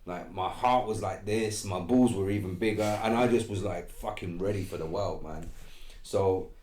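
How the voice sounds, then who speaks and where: A man's voice: deep voice, moderate pace, roomy sound, a little hiss or hum. A man who is a guest on a podcast, telling a story loosely and checking in with "right?". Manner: relaxed storyteller, tags lines with "right?". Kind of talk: casual chat, storytelling.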